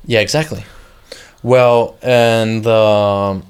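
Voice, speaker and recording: A man's voice: lowish voice, steady tone, very slow, clear, resonant tone. A man co-hosting a casual tech podcast, rambling and joking, often trailing off mid-sentence. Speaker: podcast co-host. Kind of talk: casual chat.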